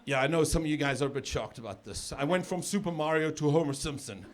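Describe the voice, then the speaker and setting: A middle-aged man from South Africa doing a stand-up comedy set on stage, chatty and loose, with sudden shouted punchlines. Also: a little high, fast, noisy background. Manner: conversational, with filler repeats and sudden shouted punchlines. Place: comedy stage with a live audience. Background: audience laughter.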